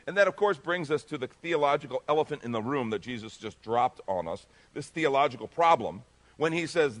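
A male pastor preaching a sermon, emphatic and animated, swinging between loud bursts and hushed asides. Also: medium pitch, fairly quick.

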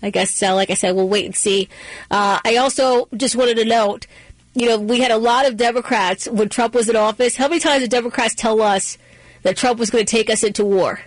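A woman hosts a political talk radio show and speaks with emphatic, punchy repetition. Her voice sits on the higher side. It is recorded dry and close on a studio microphone. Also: fairly even intonation, brisk, no echo, poor audio. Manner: emphatic, repeats phrases for punch.

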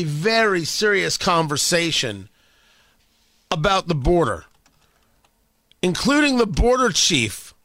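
A man's voice: high voice, bright, forceful tone, no room sound. A man hosting a radio talk show, delivering an emphatic, sarcastic opinion monologue and repeating phrases for effect. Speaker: radio host.

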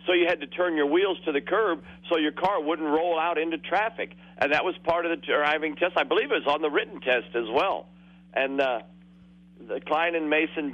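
A caller in his sixties who tells long stories on the radio and laughs as he goes. His voice sits a little high. He comes through a dull, muffled phone line. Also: a bit bright. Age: 60s. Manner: rambling, laughing anecdotes. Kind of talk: phone-in storytelling.

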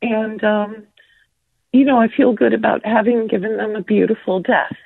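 A woman's voice: a little high, fairly even intonation, moderate pace, gravelly, husky, no room sound. A woman calling in to a radio show, asking her question in a hesitant, earnest way. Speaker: caller. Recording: tinny phone line.

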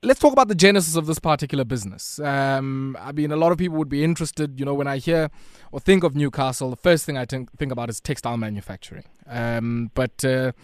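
A man hosting an evening radio interview from a studio, talking with many uhs and pauses. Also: medium pitch, dry recording. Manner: hesitant, many filler words. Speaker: radio host.

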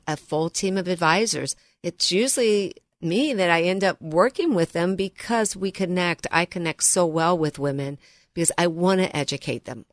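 A woman's voice: on the low side, dry recording, studio quality. A middle-aged woman co-hosting a financial radio show, telling stories in an earnest, emphatic way. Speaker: financial advisor and co-host. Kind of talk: radio talk show chat. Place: radio studio. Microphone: studio mic.

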